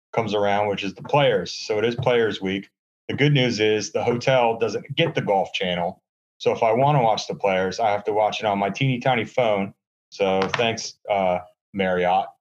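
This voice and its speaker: Calling in from a hotel room, a lowish-voiced man co-hosts a podcast in lo-fi sound. He chats casually, wandering and sarcastic, leaning heavily on fillers.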